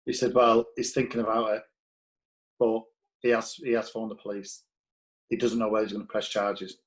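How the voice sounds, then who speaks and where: A man's voice: fairly low pitch, flat delivery, normal speed, pauses often, low-quality recording. A man, a former footballer appearing as a guest, telling stories in a blunt, profane way and acting out quoted dialogue. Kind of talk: casual anecdotal storytelling.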